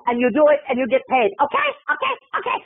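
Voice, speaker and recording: Bossy foreign lady agent, high and clipped, keeps repeating herself, guy doing the voice. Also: huge pitch swings, fast, slightly rough, dry recording, full character voice. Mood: commanding. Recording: tinny, phone-like, dry sound.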